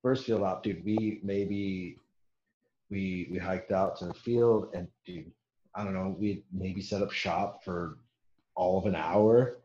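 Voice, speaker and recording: A man's voice: low voice, steady tone, takes it slowly, dark tone, highs cut off. Profane, laughing male storyteller, roomy sound. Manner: profane, laughing, acts out quoted voices. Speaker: military veteran storyteller. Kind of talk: casual storytelling.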